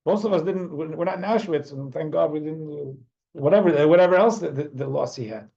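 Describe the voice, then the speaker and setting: A middle-aged man, a rabbi teaching an informal class, telling a heartfelt story in a halting way. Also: a little high, gravelly, mellow, breathy edge. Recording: dull lo-fi recording.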